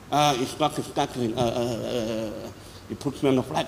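A man preaching a sermon as an apostle, with sudden loud high bursts and slow emphatic phrases. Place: large church hall. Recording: long hall reverb, faint noise.

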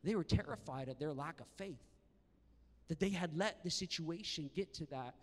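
A man preaching a sermon to a live congregation in a church hall, animated and acting out quoted voices. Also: on the high side, normal speed. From Canada. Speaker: pastor. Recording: long hall reverb.

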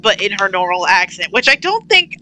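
A woman's voice: medium pitch, big pitch swings, fairly quick, pushed and bright, faint music behind, rough recording. A woman who plays in the game, chatting casually and bluntly about it, swearing freely. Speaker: player. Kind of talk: casual podcast chat.

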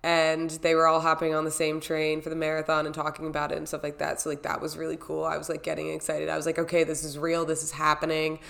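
Chatty young woman with a lowish voice. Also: completely flat delivery, quick pace, creaky, hardly any pauses, a bit bright. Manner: chatty, rambling, reenacts her own reactions. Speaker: vlogger recapping her own race. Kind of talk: casual storytelling recap.

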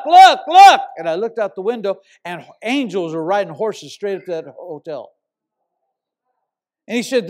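A man's voice: sits high, darkish tone. A middle-aged man, a pastor, preaching a sermon and telling a story with emphatic, repeated words.

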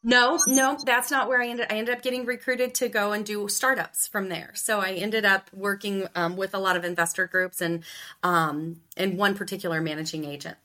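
A woman's voice: medium pitch, normal speed. A middle-aged woman from Ohio, a sales coach telling stories in an interview and acting out the dialogue. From Ohio, US Midwest. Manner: animated storyteller who acts out quoted dialogue. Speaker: sales coach and podcast guest. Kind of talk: casual interview storytelling.

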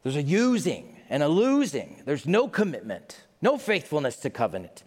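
A man preaching a sermon as pastor, talking in a conversational, animated way and acting out the people he quotes. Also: a little high, normal speed, hardly any pauses, slightly rough, in a large hall.

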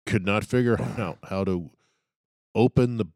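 A man's voice: on the low side, slow pace, vocal fry, darkish tone, no echo, studio quality. A man in a casual chat telling anecdotes and laughing as he goes.

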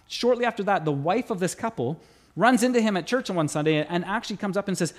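A middle-aged pastor tells a story in his sermon at a fast clip, his voice high and swinging widely. He plays every part himself, acting out the dialogue with animated shifts.

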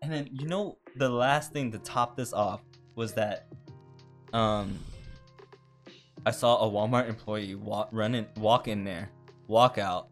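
A young man co-hosting a podcast, telling a funny story in animated casual chat. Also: fairly low pitch. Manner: animated, acts out what people did. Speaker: podcast co-host.

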